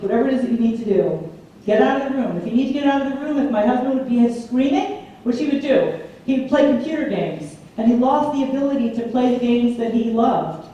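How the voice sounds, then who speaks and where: A woman giving a public lecture, telling lively stories and acting out the voices she quotes. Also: on the high side, fairly quick, dull audio. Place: large community hall. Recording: echoey hall from far off, faint hum.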